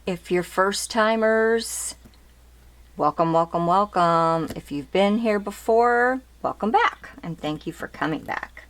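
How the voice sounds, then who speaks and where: Speaking slowly at a medium pitch, a woman runs her craft channel with a casual look at some ribbons. She goes through them individually, chatting, restating details, and repeatedly wondering aloud, "aren't they cute?"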